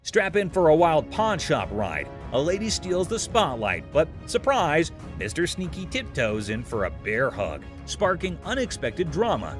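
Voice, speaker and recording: A man's voice: on the high side, huge pitch swings, a little slow, hardly any pauses, faint music behind. A man narrating a show recap in a scripted, playful, jokey storytelling manner.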